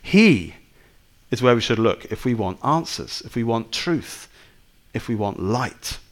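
A man's voice: medium pitch, lively intonation, unhurried. A man preaching a sermon in a conversational way, full of rhetorical questions to his listeners.

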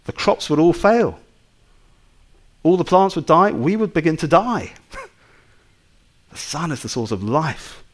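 Man, preacher, lively sermon, slightly high voice, chatty with tag questions. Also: a little slow, pauses often. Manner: conversational, full of rhetorical tag questions.

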